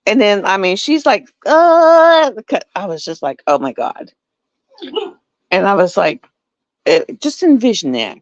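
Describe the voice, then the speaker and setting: A middle-aged woman, hosting a livestream and telling stories in a casual, animated way. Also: medium pitch, normal speed, no room sound. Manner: animated storytelling with laughs. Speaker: livestream host. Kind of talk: casual chat. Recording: dull lo-fi dry sound.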